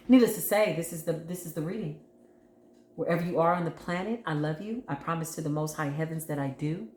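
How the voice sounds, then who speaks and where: A woman's voice: low-pitched, expressive, fairly quick, a little mellow, echoey room. A woman giving a tarot reading to her viewers, talking emphatically and expressively and addressing them directly. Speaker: tarot reader.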